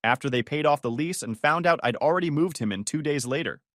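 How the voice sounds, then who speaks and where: A man's voice: fairly high pitch, quick pace, fairly bright tone, no room sound, clean studio sound, lightly acted. Desperate pleading young woman, read by a man. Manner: pleading, tearful.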